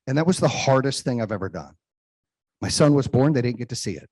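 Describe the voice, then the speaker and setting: Husky-voiced man telling a motivational story. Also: mid-range voice, lively intonation, quick pace, a little mellow. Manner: emphatic storytelling, acts out quoted voices. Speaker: podcast host. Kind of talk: motivational monologue.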